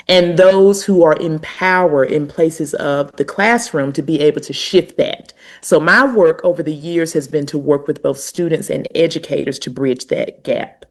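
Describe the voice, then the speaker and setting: A woman with a strong Southern US drawl explains her ideas in an earnest, emphatic way. Her voice sits on the lower side and comes across as reflective as she builds her points. She has the unhurried delivery of an experienced educator. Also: darkish tone. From Southern United States, North Carolina. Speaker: guest, language educator. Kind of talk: conversational interview.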